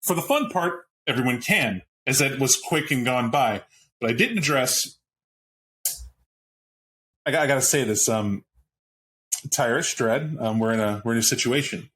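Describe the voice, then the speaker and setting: A man narrating as game master of a tabletop role-playing game, rambling and animated. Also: mid-range voice, moderate pace, long pauses, rough recording.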